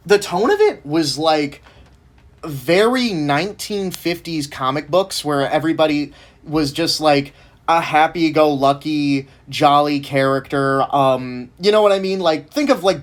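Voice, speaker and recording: Chatty vlogger rambling along, tons of likes and ums, keeps cracking up. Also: mid-range voice. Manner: rambling, laughs at own stories; heavy fillers like "like" and "um". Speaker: video creator. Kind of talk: casual chat.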